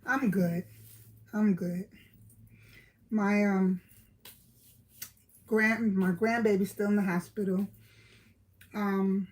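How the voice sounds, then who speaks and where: A woman's voice: medium pitch, fairly even intonation, slow pace, pauses often, low-quality recording. A middle-aged woman from Brooklyn with a New York accent, chatting casually with live-stream viewers, greeting them by name and laughing often.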